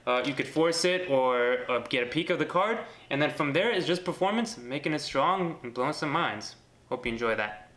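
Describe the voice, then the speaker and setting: A man's voice: on the high side, animated, moderate pace, a bit bright. A young man hosting a magic tutorial, explaining a card trick in a casual, chatty way while he demonstrates. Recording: roomy echo.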